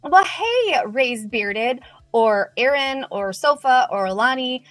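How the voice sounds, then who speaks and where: A chatty middle-aged woman hosts a casual livestream, her voice slightly high and bright. She talks in quick, upbeat bursts with a nervous edge. The sound is dry and close, with faint music underneath. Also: lively intonation, dry recording. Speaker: livestream host.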